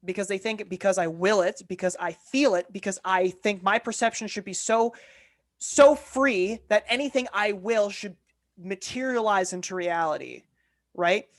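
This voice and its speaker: A woman's voice: medium pitch, moderate pace. Impassioned woman co-hosting a podcast. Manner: impassioned, argumentative, frequent self-restarts. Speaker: podcast co-host. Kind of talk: political discussion podcast.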